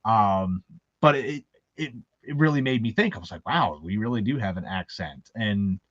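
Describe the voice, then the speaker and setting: A man's voice: mid-range voice, fairly bright tone, no room sound, lo-fi sound. A man from Baltimore, with a faint Baltimore accent, hosting a casual chat. He tells rambling, anecdotal stories and laughs often. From Baltimore, USA. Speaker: host.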